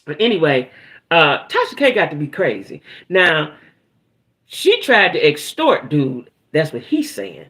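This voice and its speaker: A woman's voice: low voice, very animated, unhurried, a bit bright. A woman hosting a casual live chat, talking straight to her viewers, often checking in with them and swearing freely as she tells her news. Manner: chatty, keeps checking in with "right?" and "y'all"; frequent restarts and stumbles. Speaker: livestream host.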